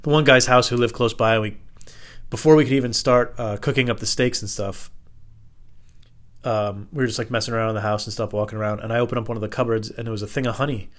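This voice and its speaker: A man's voice: mid-range voice, steady tone, fast talker. A young man hosting his own podcast, telling rambling, self-deprecating work stories in casual chat full of fillers and swearing. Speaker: podcast host. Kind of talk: rambling solo podcast storytelling.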